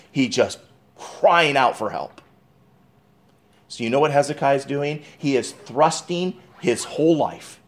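Preacher man with a lively, swinging voice. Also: mid-range voice. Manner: swings from loud pleading to hushed, slowed emphasis; addresses the congregation as friends, asks rhetorical questions. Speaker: pastor. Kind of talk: sermon.

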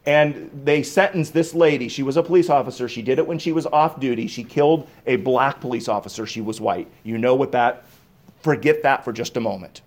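A man preaching a sermon, swinging from emphatic raised bursts to low, hushed reflection. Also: brisk. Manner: emphatic, rising to raised bursts on key points. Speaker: pastor.

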